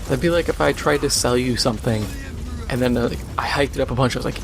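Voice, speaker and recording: A man's voice: mid-range voice, fast talker, creaky, over music. A man hosting a gaming video, chatting casually and sarcastically ranting while he plays.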